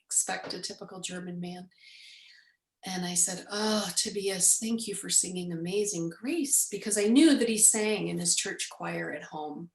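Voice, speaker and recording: Animated woman telling a story, echoey room. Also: mid-range voice, vocal fry. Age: 40s. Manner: animated storyteller, acts out quoted speech. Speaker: guest. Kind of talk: storytelling in an interview.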